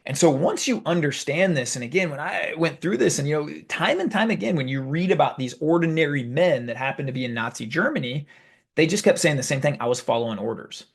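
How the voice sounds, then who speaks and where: A man hosting a video, telling a story in a casual, animated, conversational way. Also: a little high, brisk, creaky, breathy edge. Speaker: video host. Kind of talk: casual talk to camera.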